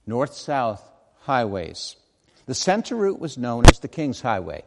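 A man's voice: mid-range voice, very animated, unhurried, very noisy. A man preaching a sermon in an earnest, conversational way, with asides and self-corrections. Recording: long hall reverb.

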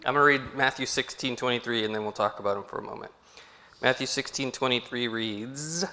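Male preacher, chatty, asks the room questions; tense bright tone, echoing hall. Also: mid-range voice, a little fast. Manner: conversational, asks the congregation questions. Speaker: pastor. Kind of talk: sermon. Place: church hall.

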